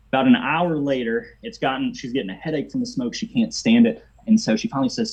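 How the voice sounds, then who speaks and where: A man's voice: mid-range voice, brisk, darkish tone, echoey room, dull audio. A man casually telling a long joke, rambling a bit with fillers as he goes.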